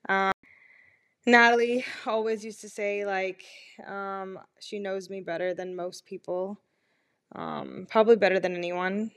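A woman's voice: medium pitch, fairly even intonation, a little slow, creaky, a bit bright. A woman in her twenties hosting a personal podcast, talking in a candid, rambling and self-mocking way. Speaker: podcast host.

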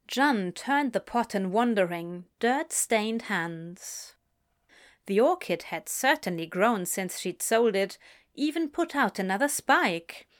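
A woman reading a story aloud as narrator, expressive and unhurried. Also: mid-range voice. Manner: slow, expressive storytelling with lively inflection. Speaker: reader.

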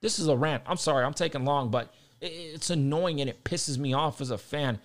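A man's voice: on the high side, a little fast. A young man ranting heatedly about wrestling, swearing often and repeating himself as he gets worked up. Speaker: wrestling commentator. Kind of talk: heated casual rant.

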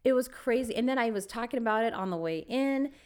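A woman co-hosting a podcast, telling a story in a lively, casual way and laughing often. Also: a little high, fast, clear, resonant tone. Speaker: podcast co-host.

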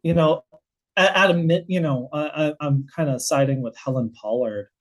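A researcher with an American accent talks through their subject on a podcast in a mid-range voice. The delivery is animated and loose, full of restarts and thinking aloud. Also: medium pitch, moderate pace. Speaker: guest researcher. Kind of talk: casual explanatory conversation.

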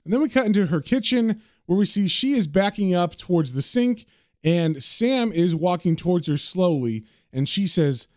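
A man reading a comic aloud in a casual, animated manner, describing the panels. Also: high voice, moderate pace, no room sound, studio quality. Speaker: comic book reader.

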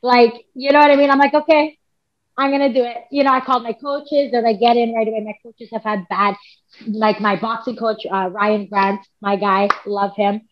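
A woman's voice: a little high, steady tone, moderate pace. A woman, a podcast guest telling a long story in casual chat, rambling with many fillers and quoted self-talk. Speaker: podcast guest, MMA fighter and coach. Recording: dull lo-fi podcast audio.

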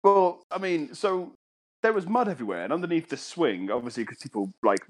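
A man's voice: fairly high pitch, expressive, a little fast. A man telling a childhood story on a podcast, rambling and swearing, laughing often. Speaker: podcast co-host. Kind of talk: casual comedic storytelling.

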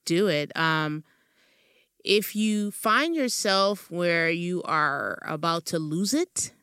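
A woman's voice: fairly low pitch, animated, slow pace, bright, forceful tone, clean tone, no room sound, studio quality. A woman hosting a podcast, talking in an encouraging, churchy cadence. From American South. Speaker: podcast host. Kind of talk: casual chat.

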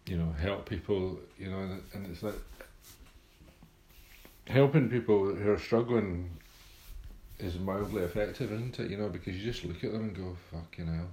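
A man's voice: low-pitched, normal speed, warm tone, roomy sound. A man co-hosting a casual chat, blunt and wry, swearing freely.

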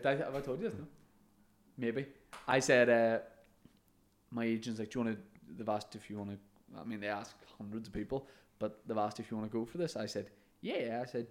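A man, a comedian and podcast co-host, telling stories in casual chat, laughing often and swearing now and then. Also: mid-range voice.

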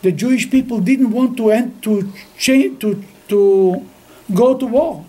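A man leads a weekly scripture class in a mellow, dark voice. He talks haltingly and often restarts his sentences. He grows lively when he tells a story. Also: high voice, poor audio. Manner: halting, with frequent restarts, grows lively while telling stories. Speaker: Torah teacher.

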